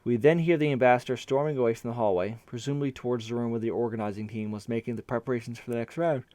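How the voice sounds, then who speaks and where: A man's voice: mid-range voice, fairly even intonation, very fast, darkish tone, dry recording. A man reading an interactive fantasy story aloud in the first person, narrating events and his character's nervous thoughts.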